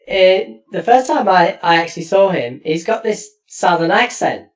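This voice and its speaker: A man's voice: high-pitched, big pitch swings, normal speed. A man from East London hosting a casual interview chat, telling stories with frequent restarts. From East London, England. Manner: chatty, storytelling, frequent restarts. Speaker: podcast host. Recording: distant from the mic.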